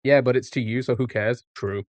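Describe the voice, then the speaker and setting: He has a mid-range voice with fairly even intonation and a slightly fast delivery, in a dry, studio-quality recording. While streaming a word game live, he chats casually and jokes with his chat, responding to them and dropping the odd swear word.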